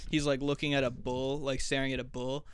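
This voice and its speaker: A man's voice: mid-range voice, a little fast, a little hiss or hum. A man on a podcast casually and animatedly retelling comedy movie scenes. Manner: animated storytelling, acts out movie lines. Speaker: podcast co-host. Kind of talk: casual chat.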